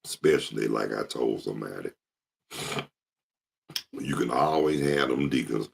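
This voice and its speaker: Gravelly deep-voiced man telling stories. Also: unhurried. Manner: animated, jumps into impressions. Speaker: show host. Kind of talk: casual storytelling monologue.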